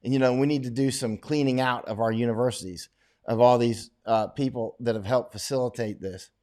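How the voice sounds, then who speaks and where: A middle-aged man with a slightly mellow, mid-range voice talks a little fast with fairly even intonation. Hosting a casual livestream, he reads viewers' questions and offers opinionated, wandering answers full of restarts.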